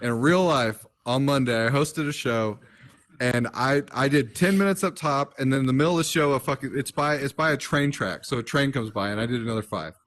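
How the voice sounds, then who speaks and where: A man, a stand-up comedian co-hosting a podcast, telling stories in an animated, profane, casual way. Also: mid-range voice, a little fast. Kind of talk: casual chat.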